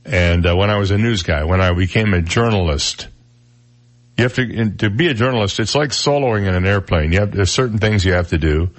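A man in his sixties with a deep baritone voice, hosting a morning radio talk show and telling stories at a relaxed pace with plenty of fillers. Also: brisk. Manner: relaxed storytelling with frequent fillers. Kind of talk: casual morning radio chat. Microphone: studio broadcast mic.

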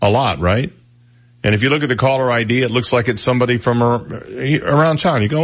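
Gruff, opinionated male talk radio host. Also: medium pitch, fairly quick. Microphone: studio microphone.

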